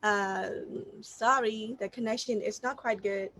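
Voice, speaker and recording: A woman's voice: fairly high pitch, fairly even intonation, measured pace, fairly bright tone. A woman teaching pronunciation in a live online lesson, explaining step by step and asking her viewers questions. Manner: explanatory, repeats key points, asks the audience questions. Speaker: teacher trainer.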